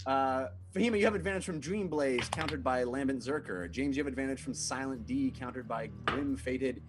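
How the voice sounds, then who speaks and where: A man narrating a tabletop role-playing game as game master, animated and peppered with fillers. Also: mid-range voice, fairly quick, noisy background.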